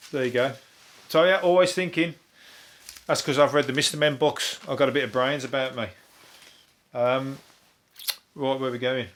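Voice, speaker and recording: A comedian from England with a Birmingham accent hosts a comic news review podcast in a mid-range, slightly bright voice. He rambles through stories, swearing constantly and laughing at his own jokes.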